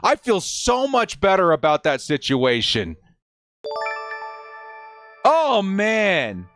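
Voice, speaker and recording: A man hosting a live stream, reacting with hype, shouting and whooping, and reading out viewer messages. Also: high-pitched, wildly swooping pitch, takes it slowly, soft background music.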